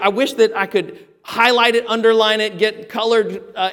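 A man preaching a sermon as pastor, emphatic, with sudden loud exhortations. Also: high voice, in a large hall.

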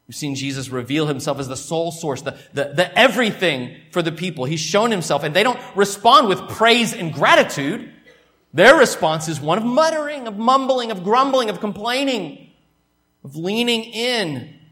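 A man preaching to his church in a fairly high voice. He is emphatic, repeats himself, and swings between loud, stressed lines and quiet asides. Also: very animated, moderate pace. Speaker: pastor. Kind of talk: sermon.

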